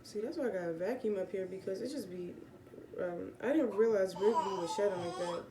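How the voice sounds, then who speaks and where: A woman casually teaching scripture from her home, rambling and correcting herself as she goes. Her voice sits at a middle pitch and bounces around an echoey room, with faint background noise. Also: a little fast. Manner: relaxed, rambling, many fillers and self-corrections. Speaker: vlogger giving Bible teaching. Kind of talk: casual spoken Bible teaching.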